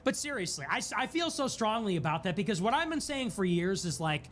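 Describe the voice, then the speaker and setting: High-voiced, animated, indignant male host. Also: brisk, few pauses, slight background noise. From Chicago. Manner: indignant and sarcastic, rising to defiant outbursts. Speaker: political livestream host. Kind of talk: impassioned political monologue.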